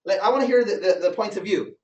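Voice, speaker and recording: Man, business trainer, motivational group talk, energetic, asks audience questions, roomy echo, distant mic. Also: high-pitched, fast talker, muffled recording. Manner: energetic, keeps asking the audience questions and repeats himself for emphasis. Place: meeting room with a live audience. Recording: echoey room from far off.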